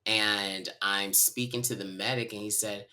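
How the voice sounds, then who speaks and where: A man from North Carolina, a podcast guest telling a personal story in a candid, animated way. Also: lowish voice, a little slow. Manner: animated, candid, talks to listeners as y'all.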